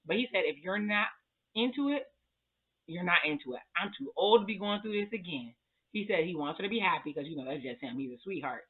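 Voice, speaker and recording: A middle-aged woman recapping a TV episode in a sassy, animated way, swearing freely and. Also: lowish voice. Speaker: show recap vlogger. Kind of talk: casual chatty recap. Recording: tinny phone-like audio.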